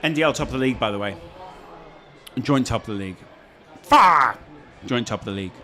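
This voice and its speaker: A man's voice: mid-range voice, animated, a little fast. A man hosting a live match watch-along, bantering and reacting to the game. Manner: chatty, bantering, exclaims at big moments. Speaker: host. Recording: loud crowd noise behind.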